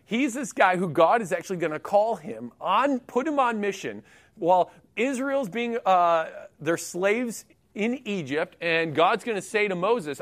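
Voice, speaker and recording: High-voiced conversational male preacher. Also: measured pace. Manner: conversational, animated, jokey asides. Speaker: pastor. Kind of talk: sermon.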